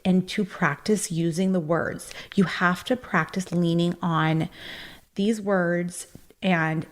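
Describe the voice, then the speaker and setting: A woman's voice: lowish voice, steady tone, slow pace. A woman hosting a self-help podcast, talking in an earnest, encouraging way with frequent fillers and asides. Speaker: podcast host.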